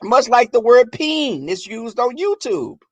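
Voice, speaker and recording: A man telling comic family stories on his vlog, animated and profane, often breaking into laughter. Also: very high-pitched, measured pace, dry recording. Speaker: vlogger. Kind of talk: comic storytelling.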